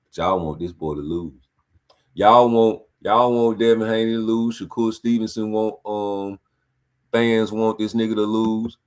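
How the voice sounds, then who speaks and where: A man with a deep, low voice breaks down a boxing fight in casual commentary. He talks in blunt, profane street slang and calls back at the fighters as the clip plays. His delivery is animated throughout. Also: unhurried.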